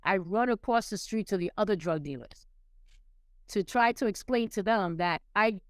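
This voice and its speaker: This podcast guest, a woman from New York City, speaks in a mid-range voice at normal speed without echo. She recounts her recovery with candor and emotion, frequently restarting and repeating words.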